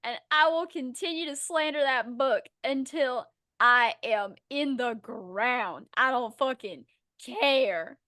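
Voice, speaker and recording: A young woman co-hosting a casual podcast, talking in a blunt, animated way and cursing freely. Her voice sits fairly high. She is recorded close on the mic, with a dry sound. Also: slow, dry recording. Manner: blunt, profane, animated ranting. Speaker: podcast co-host. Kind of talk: casual chat.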